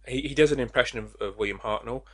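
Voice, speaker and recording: A man's voice: mid-range voice, quick pace, fairly bright tone. A man reviewing an audio drama in casual chat, candid, with stammering restarts. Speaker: forum moderator, reviewer.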